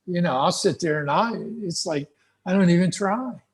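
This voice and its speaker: A middle-aged American man giving folksy, relaxed advice to English learners over a video call. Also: sits high, normal speed, slightly rough. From United States. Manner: relaxed, folksy, acts out little dialogues. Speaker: guest speaker.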